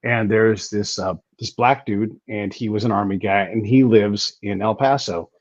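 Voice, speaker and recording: A man hosting a casual conversation, telling stories emphatically and talking in quick bursts. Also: fairly low pitch, fairly even intonation, no room sound. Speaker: podcast host. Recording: dull lo-fi recording.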